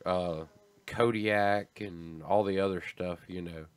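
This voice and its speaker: A man's voice: sits low, fairly even intonation, slow pace, clean tone. A man hosting a livestream, chatting casually in a rambling, laid-back way that often trails off. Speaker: stream host.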